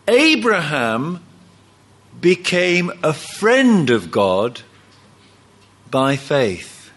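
A man's voice: on the high side, wildly swooping pitch, very slow, long pauses, a bit bright. A man preaching a sermon, emphatic, often acting out quoted lines.

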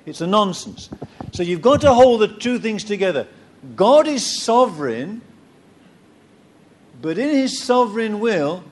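Animated preacher man with lively pitch. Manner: animated storytelling, acts out quoted voices; emphatic repetition. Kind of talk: sermon.

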